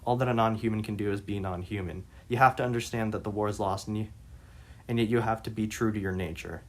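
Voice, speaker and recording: Male reader-commentator, lowish voice, hesitant, self-correcting delivery. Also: steady tone. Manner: halting, many restarts and fillers. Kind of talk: reading aloud and commenting.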